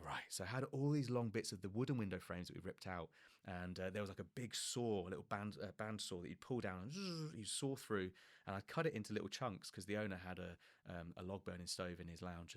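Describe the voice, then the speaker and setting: Fast-talking man telling comic stories. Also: dry recording, studio quality. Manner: animated, self-mocking, swears freely; acts out quoted people with pitch jumps. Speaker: podcast guest telling stories. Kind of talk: casual comic storytelling.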